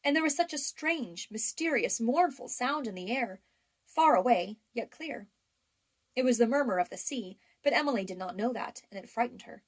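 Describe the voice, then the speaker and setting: A woman narrating a classic novel as an audiobook reader, in a measured, even storytelling manner. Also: on the high side.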